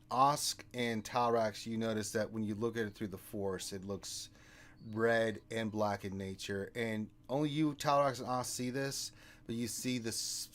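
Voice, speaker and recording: A man narrating a tabletop role-playing game as game master, in a loose, rambling way. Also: fairly low pitch.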